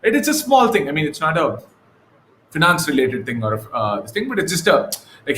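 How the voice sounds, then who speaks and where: A man as an interview guest, telling stories in a relaxed, casual way with lots of fillers and restarts. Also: a little high, brisk. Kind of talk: casual conversational storytelling. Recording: echoey room with faint noise.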